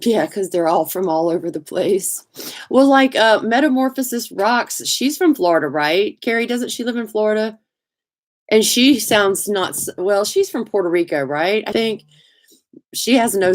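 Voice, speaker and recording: A middle-aged woman with a Southern US accent hosting a casual live chat, talkative and quick to laugh, greeting viewers by name. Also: mid-range voice, expressive. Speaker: livestream host.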